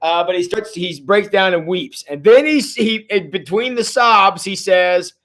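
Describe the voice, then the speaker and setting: An unhurried, high-pitched pastor leads a livestream Bible study in a casual tone. He stays chatty and animated, pausing his storytelling to react to viewer comments.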